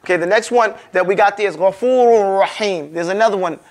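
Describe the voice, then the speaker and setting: High-voiced man teaching recitation drills. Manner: drills pronunciation, stretching sounds slowly and repeating them; casual, conversational teaching with frequent check-ins. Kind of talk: classroom lesson.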